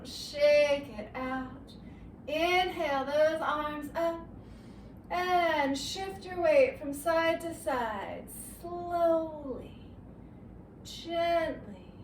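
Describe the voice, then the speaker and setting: High-voiced lady fitness teacher, slow gentle cues, a bit winded, echoey room, mic far off. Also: a little hiss or hum. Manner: gentle, encouraging cues while exercising. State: winded from exercise. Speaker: fitness instructor. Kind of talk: guided workout instruction.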